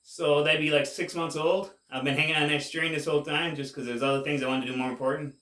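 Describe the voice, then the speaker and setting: A man casually rambling to camera as a cannabis vlogger, laid-back and drawn-out, saying "man" a lot, high while he talks. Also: fairly even intonation, fairly bright tone, echoey room, far from the mic. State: high, getting more stoned.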